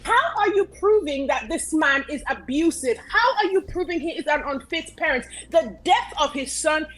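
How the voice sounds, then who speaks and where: A woman's voice: high voice, expressive, moderate pace, fairly bright tone, poor audio. A woman giving earnest, preachy advice in a casual talk show chat, repeating phrases for emphasis. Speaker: guest commentator.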